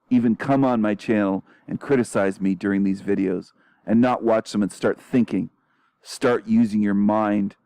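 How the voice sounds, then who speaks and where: A man's voice: fairly low pitch, warm tone, no room sound. A man hosting his own channel, commenting on a played clip in a confrontational way and repeating rhetorical questions.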